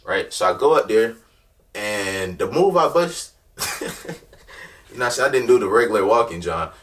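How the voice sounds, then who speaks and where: Young male vlogger, deep and low, easygoing slangy storyteller, a little off-mic. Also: expressive, moderate pace, fairly bright tone, recorded from a distance, a little hiss or hum. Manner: laid-back slangy storytelling with constant check-ins. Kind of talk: casual storytime.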